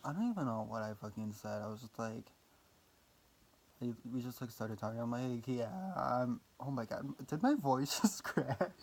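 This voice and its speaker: A man's voice: medium pitch, animated, moderate pace, darkish tone. A young man telling a personal story in a casual vlog, rambling with lots of fillers, swearing casually and making fun of himself. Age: young adult. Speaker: vlogger.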